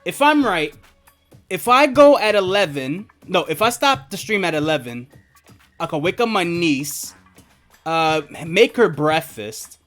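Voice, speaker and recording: A man's voice: high voice, very animated, unhurried, a bit bright, faint music behind. A man streaming and casually telling a story to his chat, swearing often, laughing a lot and filling his talk with "like" and "um". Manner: profane, laughing, lots of filler words.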